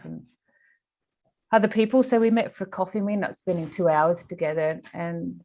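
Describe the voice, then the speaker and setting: A woman with a slightly low voice tells an eventful story as an interview guest. She talks in an animated way, often restarting her sentences. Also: brisk.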